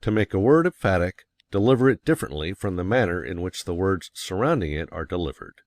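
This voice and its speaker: A man reading nonfiction aloud as an audiobook narrator, in a measured, deliberate manner. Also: deep voice, animated, no room sound.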